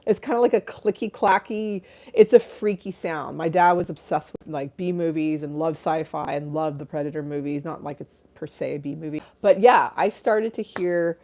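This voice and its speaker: A middle-aged woman chats through ghost stories on a livestream, her voice sitting a little low for a woman. She talks casually and laughs often, slipping into other people's voices as she retells what they said. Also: moderate pace, hardly any pauses, warm tone. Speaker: livestream host.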